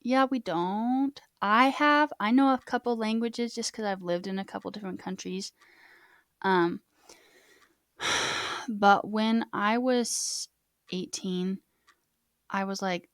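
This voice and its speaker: A woman's voice: medium pitch, unhurried, clean tone, no echo, clean studio sound. A young American woman streaming from home, chatting casually with many fillers. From United States. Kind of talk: casual live-stream chat.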